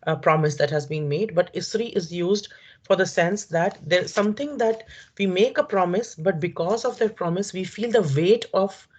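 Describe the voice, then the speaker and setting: A Quran teacher giving a word-by-word scripture lesson, explaining slowly, repeating terms and often checking with "right?". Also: mid-range voice, darkish tone. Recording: dull lo-fi recording.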